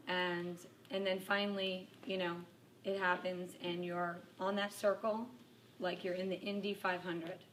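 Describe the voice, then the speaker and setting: A woman shares a casual testimonial with a workshop group, telling stories at an unhurried pace and laughing at herself often. She is picked up by a distant mic that catches the wider room. A clear bed of room ambience runs underneath her voice. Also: on the low side, a bit bright, a little hiss or hum. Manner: chatty storyteller who laughs often at herself. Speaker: workshop participant giving a testimonial.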